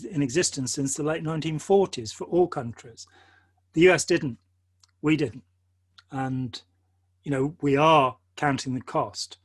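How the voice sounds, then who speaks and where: Older english guy, earnest rambling chat, kinda high-pitched, dry sound. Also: a bit bright, slightly rough, dry recording. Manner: earnest, discursive, strings together quotes and asides. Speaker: host. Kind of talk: conversational discussion.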